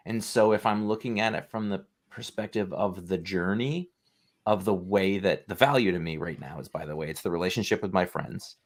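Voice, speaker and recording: A middle-aged podcast co-host with a lowish voice, thinking out loud as he chats. He wanders off into side thoughts and circles back, unhurried and reflective. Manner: thoughtful, digressive. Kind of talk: casual chat.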